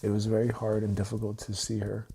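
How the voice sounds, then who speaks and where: A man with a low, husky, mellow voice speaks on a livestream. He talks in halting, repeated phrases and often restarts mid-thought. His delivery is raw and emotional. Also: monotone. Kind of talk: unscripted emotional livestream monologue.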